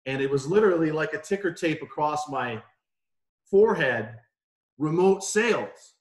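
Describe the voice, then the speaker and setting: A man's voice: fairly high pitch, animated, normal speed, echoey room. A man in his forties, a podcast guest from New York, telling stories in a chatty, anecdotal way from his home. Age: 40s. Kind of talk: casual interview chat. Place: home room.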